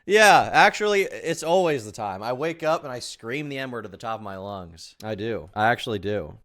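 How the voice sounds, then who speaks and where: A man's voice: medium pitch, expressive, normal speed, a bit bright. A man streaming live reaction commentary on a video, talking in a sarcastic, crude and mocking way.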